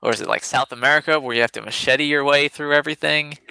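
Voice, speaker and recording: A man's voice: a little high, fairly even intonation, quick pace, gravelly, pushed and bright, clear, resonant tone, no room sound. A man playing in a casual tabletop game, rambling eagerly through his questions. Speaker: player.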